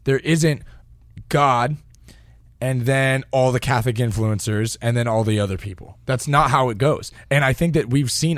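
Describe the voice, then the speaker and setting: A man's voice: mid-range voice, fairly bright tone, dry recording, clean studio sound. Earnest rambling male podcast co-host. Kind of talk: casual podcast chat.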